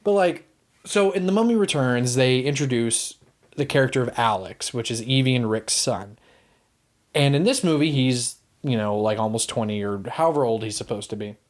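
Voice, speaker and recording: A man co-hosting a podcast, chatting casually about movies in a rambling, animated way, swearing and acting out quotes. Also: mid-range voice, moderate pace. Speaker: podcast co-host.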